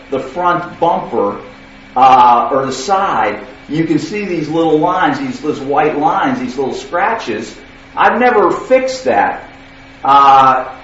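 A man's voice: on the high side, a bit bright, slight background noise. A man preaching in a conversational storytelling way, often checking in with "okay?". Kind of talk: sermon storytelling. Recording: distant, echoey, dull hall recording.

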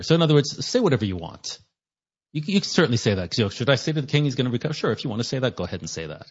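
Husky low-voiced man preaching a sermon. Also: animated, fast talker. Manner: retells scripture in his own words, conversational asides. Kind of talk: Bible teaching sermon. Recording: dull lo-fi sound.

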